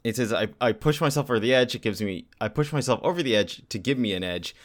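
Mid-pitched man reading comic panels. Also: expressive, quick pace. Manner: rambling, reads comic panels aloud. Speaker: podcast co-host. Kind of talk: casual comic book podcast chat.

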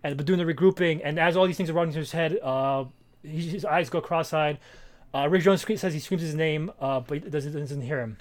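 Fast-talking animated man. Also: on the high side. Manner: animated, reads comic dialogue aloud with feeling. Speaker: podcast co-host. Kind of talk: casual comic book discussion.

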